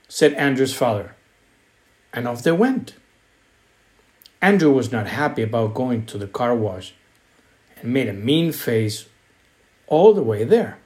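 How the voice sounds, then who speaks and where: A man reading a children's story aloud in a slow, expressive, sing-song way. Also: medium pitch.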